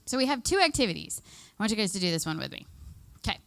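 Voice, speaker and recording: A woman's voice: medium pitch, big pitch swings, quick pace, gravelly, fairly bright tone, no room sound. A woman giving a live workshop to seniors, chatty and upbeat, leading the group through exercises and laughing often. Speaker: extension educator.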